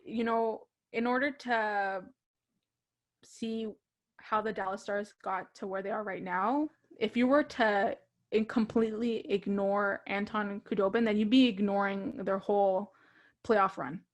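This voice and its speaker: A woman's voice: medium pitch, fairly even intonation, measured pace. A young woman co-hosting a casual hockey talk show, chatty and laughing often. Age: young adult. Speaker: co-host.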